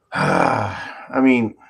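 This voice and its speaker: A man's voice: lowish voice, extremely slow, vocal fry. A man hosting an opinion show, ranting sarcastically and reading viewer comments aloud. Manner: animated, sarcastic ranting with mock-quoted voices. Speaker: host.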